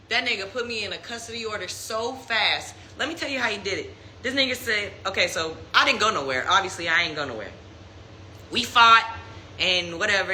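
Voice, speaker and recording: A young woman tells a personal story in casual live-stream talk, acting out quotes in a mocking high voice. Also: sharp tone, slight background noise. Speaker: Instagram live host. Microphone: phone.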